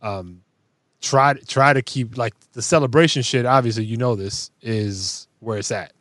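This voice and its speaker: A man co-hosting a podcast in casual chat, blunt and quick with questions, swearing freely. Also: mid-range voice, fairly bright tone, dry recording, studio quality. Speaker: podcast co-host.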